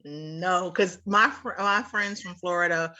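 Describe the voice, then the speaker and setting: A woman's voice: on the low side, measured pace, bright, forceful tone, muffled recording. A young woman with a New York accent, chatting casually as a podcast co-host, laughing often and trailing off while she searches for words. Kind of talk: casual chat.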